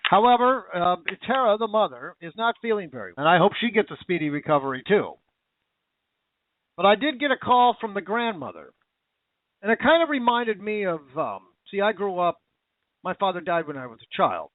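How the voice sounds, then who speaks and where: A man whose voice sits high and moves through big pitch swings rants at a moderate pace on his talk radio show. Angry and emotional, he repeats himself as the anger builds, in a dry recording that sounds tinny and phone-like.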